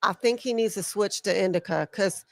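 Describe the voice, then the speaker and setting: A woman's voice: medium pitch, vocal fry, dry recording. A woman co-hosting a live wrestling watch-along, teasing and laughing in casual chat. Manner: slow, teasing, laughs often. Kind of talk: casual live-stream commentary.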